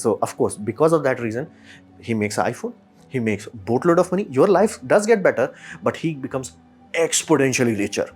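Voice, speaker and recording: Man, podcast host, casual emphatic commentary, average pitch, soft music in the background. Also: slightly rough. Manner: animated, emphatic, rhetorical questions, mock quotes.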